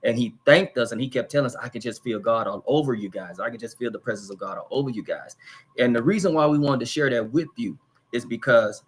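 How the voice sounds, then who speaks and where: Storytelling pastor hosting a live talk. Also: male voice, medium pitch, quick pace, slightly rough. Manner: animated storytelling, lively. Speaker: pastor and host. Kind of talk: casual live discussion.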